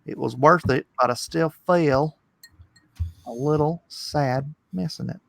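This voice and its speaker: A man puts on a broad Southern drawl to read a chat message aloud. The voice rolls slowly with a gravelly edge, and the room is close and dry. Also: on the high side, no echo. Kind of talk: reading a chat comment aloud.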